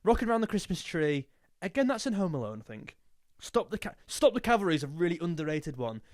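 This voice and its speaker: A man's voice: a little high, very animated, fairly quick, no room sound, clean studio sound. A young man chatting casually and jokily, now and then singing a snatch of a song. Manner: jokey, snatches of sung lines. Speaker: music youtuber. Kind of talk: casual chat.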